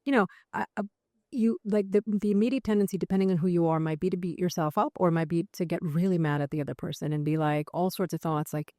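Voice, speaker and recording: Low-voiced woman talking freely in an interview. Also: quick pace, no echo, clean studio sound. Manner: animated, with many restarts and fillers. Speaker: psychiatrist guest. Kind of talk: conversational interview.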